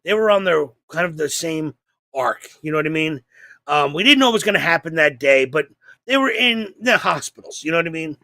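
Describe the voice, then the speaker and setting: A man talks casually on a podcast in a high, gravelly voice with a bright edge. He rambles and acts out quoted lines with animation. The sound is dry and close. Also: animated, a little fast, dry recording. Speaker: podcast co-host. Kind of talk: casual chat.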